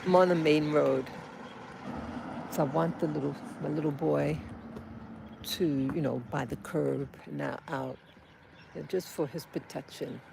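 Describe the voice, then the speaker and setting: A woman's voice: low voice, fairly even intonation, unhurried, vocal fry, long pauses, very noisy. A woman vlogging on a walk outdoors, rambling and emotional as she talks to her little boy. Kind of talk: casual walking vlog. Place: outdoors on a street.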